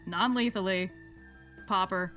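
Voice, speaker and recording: Woman player at the game table, bright voice, wry and chatty. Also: mid-range voice, unhurried, faint music behind. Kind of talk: casual chat at a game table.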